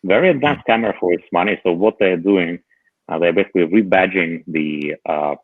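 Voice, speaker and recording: Deep gravelly man on a tinny line. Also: dry recording. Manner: halting, many fillers. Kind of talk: casual tech chat.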